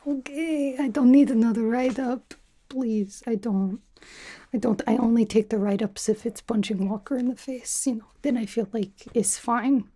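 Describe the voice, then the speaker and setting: A young woman voicing a brash, teasing female spy who interviews a recruit, in whispered role-play with a soft, half-whispered, rambling way of talking. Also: fairly high pitch, normal speed, close to an everyday voice. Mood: playful teasing. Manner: teasing, chatty, self-absorbed, drops articles. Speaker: ASMR creator.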